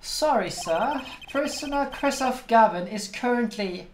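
A woman's voice: fairly high pitch, expressive, unhurried, voice pushed up. A dutiful, stiffly polite male prison guard, as a woman voices him. The sound is roomy, with game music running behind.

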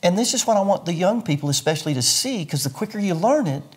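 A man's voice: sits high, lively intonation, quick pace, slightly rough. An older man, a pastor, explaining his views earnestly in a sermon-like way during an interview. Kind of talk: interview conversation.

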